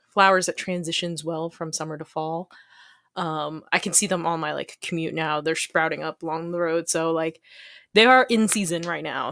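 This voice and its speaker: Chatty woman with a low, dry voice. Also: a bit bright, no room sound. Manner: chatty, rambling with many ums and likes. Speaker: planner YouTuber. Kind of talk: casual plan-with-me chat.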